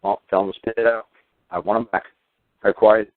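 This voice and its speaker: A man with a lowish voice and flat delivery speaks a little fast, with no room sound, while hosting a radio show. His heated rant is packed with sarcastic rhetorical questions and some swearing. It comes through as tinny phone-line radio.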